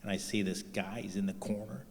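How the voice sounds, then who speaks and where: A man doing a profane stand-up routine on stage, telling deadpan stories and acting out the other people in them. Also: on the low side, a little fast. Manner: profane, deadpan storytelling with acted-out voices. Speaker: stand-up comedian. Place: theater stage with live audience. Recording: live hall reverb.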